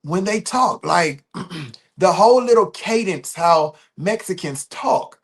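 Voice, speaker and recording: A man hosting a casual livestream, talking loosely and repeating himself, pressing hard on points and then trailing off quietly. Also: sits high, expressive, slow pace. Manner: loose and repetitive, restarting phrases, emphatic then trailing off quietly. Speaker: livestream host.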